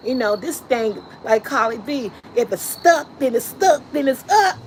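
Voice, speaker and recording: A woman with a high voice recaps a movie in casual vlog style. Her delivery is slow and unhurried, broken up by laughs and excited shrieks. Faint crickets and insects chirp in the background. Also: slight background noise, rough recording. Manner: laughs and shrieks while retelling scenes. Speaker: vlogger reviewing a movie. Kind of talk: animated casual storytelling.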